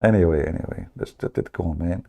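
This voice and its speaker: Sarcastic gravelly-voiced man hosting a stream. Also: low-pitched, a little fast, dark tone. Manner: sarcastic, mocking, laughing. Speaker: live stream host. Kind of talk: mocking live-stream commentary.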